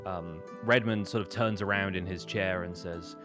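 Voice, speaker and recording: A man's voice: sits low, steady tone, moderate pace, hardly any pauses, over music. A man narrating a tabletop role-playing game as dungeon master, casual and filled with ums and restarts.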